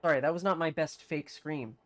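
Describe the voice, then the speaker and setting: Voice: medium pitch, fairly quick. A streamer casually commenting on a game and reading its text aloud, now and then swearing. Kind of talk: casual let's-play commentary.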